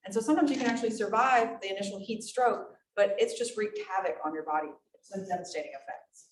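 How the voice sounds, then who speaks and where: A woman's voice: medium pitch, fast talker. A woman gives a safety presentation, chatty and often asking the room questions. She sounds set back from the microphone in a reverberant meeting room. A faint hiss runs underneath. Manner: conversational, asks the room questions. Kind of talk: presentation with audience discussion. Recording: echoey room, mic at a distance, faint noise.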